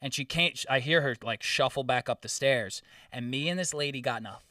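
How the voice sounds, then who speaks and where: A young man hosting a podcast, telling a story in casual chat, swearing often and getting animated. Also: mid-range voice, brisk, no echo, clean studio sound, distant mic. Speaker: podcast host.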